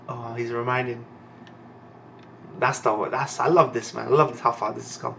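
Gravelly man, emotional reaction. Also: mid-range voice, steady tone, normal speed, pushed and bright, a little hiss or hum. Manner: emotional, profane, ends phrases with "man". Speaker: anime and manga reaction host. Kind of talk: live reading reaction commentary.

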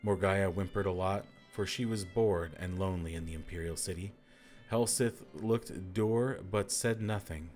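A man's voice: deep voice, moderate pace, a little mellow, soft background music. A man hosting a podcast, reading a book aloud and breaking off for dry, wry asides. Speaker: reader and podcast host.

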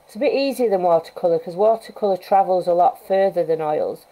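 A woman wildlife artist teaches painting in a live demonstration streamed from her home art studio, speaking a little fast in a warm, low voice over poor audio. Chatty and gentle, she thinks aloud while working and adds gentle coaching asides in casual talk.

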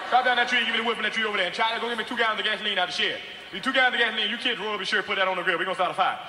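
A man playing a bossy, reckless older uncle who barks orders at the grill, impatient and loud. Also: high voice, racing, voice pushed up. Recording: echoey noisy hall recording.

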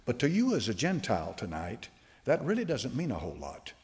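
A man preaching a sermon to a congregation. He slows right down to stress quoted scripture and often restarts his sentences with fillers. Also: medium pitch, huge pitch swings, darkish tone. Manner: emphatic preaching with slow drawn-out quotes. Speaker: pastor.

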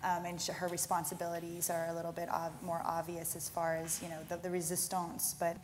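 A woman's voice: lowish voice, monotone, fairly quick, a little hiss or hum. A woman speaking earnestly in an interview, often restarting her phrases as she talks. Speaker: cast member interviewee. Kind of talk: conversational interview.

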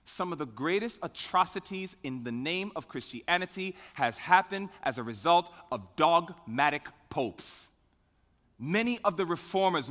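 A man's voice: high-pitched, fairly bright tone, long reverb tail. A man preaching a sermon emphatically, asking questions and answering them himself, swelling on key words.

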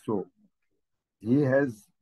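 A man leads a slow, careful language lesson. He spells each word out letter by letter and repeats it patiently. His voice is slightly husky. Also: medium pitch, dark tone. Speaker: language teacher.

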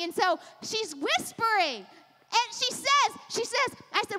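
A woman's voice: extremely high pitch, animated, a little slow, pushed and bright. A middle-aged woman pastor preaching a sermon at a women's rally, with an impassioned, repetitive cadence. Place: large church hall. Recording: long hall reverb.

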